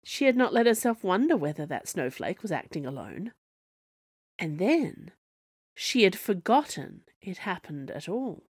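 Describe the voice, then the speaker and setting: A woman author narrating her own serialised fiction in a measured storytelling manner. Her voice sits a little low, and the recording is dry and close with no room sound. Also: sing-song, husky, no room sound. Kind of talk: scripted narration.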